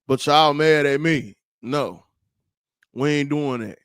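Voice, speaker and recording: A man hosting his own livestream, ranting in a loose, slangy, rambling way with plenty of animated asides. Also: a little high, slow pace, clear, resonant tone, no room sound, studio quality. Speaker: livestream host. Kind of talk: casual livestream rant.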